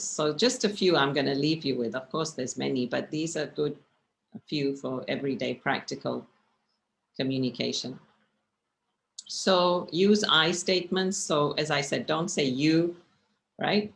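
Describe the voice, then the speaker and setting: A woman meditation teacher giving a relaxed talk with slides, speaking in a conversational way that often checks in with the listener. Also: low-pitched, creaky. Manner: expressive, gestures while speaking.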